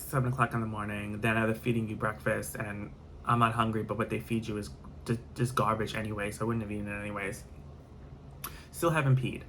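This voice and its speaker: A man's voice: medium pitch, fairly bright tone, slight background noise. A man telling a candid, rambling story in a casual vlog, sparing no graphic details.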